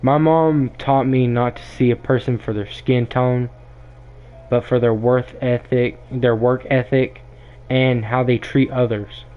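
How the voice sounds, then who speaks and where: A man's voice: medium pitch, fairly even intonation, a little slow, smooth. A young man hosting a podcast, delivering a blunt, emphatic opinion monologue that often circles back and repeats itself. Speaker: podcast host. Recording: tinny phone-like sound.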